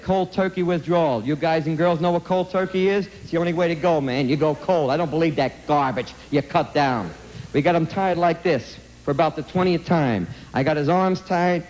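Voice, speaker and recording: A man with a slightly high, darkish voice delivers a forceful, blunt anti-drug talk to students at a school. He uses streetwise phrasing, repeats himself, and fires direct questions at his listeners, all on a low-quality recording.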